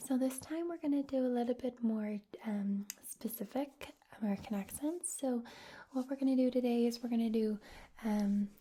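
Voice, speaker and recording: A woman's voice: a little high, moderate pace, mellow, slight background noise. A woman from Scotland giving a whispered ASMR talk, rambling with many fillers. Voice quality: husky whisper. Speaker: ASMR creator.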